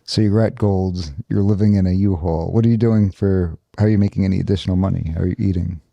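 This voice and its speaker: Very deep gravelly man, podcast host. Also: fairly even intonation, fast talker, no echo, lo-fi sound. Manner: short prompting questions. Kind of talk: casual interview.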